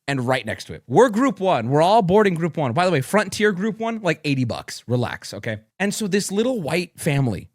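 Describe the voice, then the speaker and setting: Animated, profane male streamer. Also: fairly high pitch, a little fast, hardly any pauses, dry recording, studio quality. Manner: animated and profane, with loud outbursts. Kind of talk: casual storytelling to chat.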